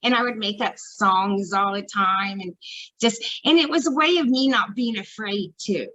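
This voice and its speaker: A woman guest on a casual podcast, telling her stories with excitement and frequent laughter. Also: medium pitch, normal speed, rough recording. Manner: excitable storyteller, laughs often. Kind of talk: casual chat.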